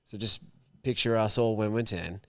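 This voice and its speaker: An Australian man co-hosting a podcast, telling stories in a lively, casual way with free swearing. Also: lowish voice, moderate pace, dry recording, clean studio sound. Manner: animated storyteller, swearing freely. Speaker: podcast co-host. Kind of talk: casual chat.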